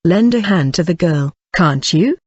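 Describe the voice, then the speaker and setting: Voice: mid-range voice, animated, measured pace, a little mellow, husky, no echo, muffled recording. An audiobook reader voicing a brutal, surly male housebreaker who growls his words. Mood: gruff. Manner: growling, savage.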